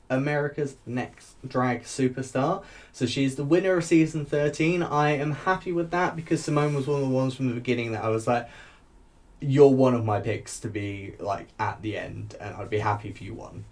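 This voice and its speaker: A man's voice: mid-range voice, darkish tone. Rambling, chatty man. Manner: rambling, chatty, laughs often. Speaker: YouTube reviewer. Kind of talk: casual chat.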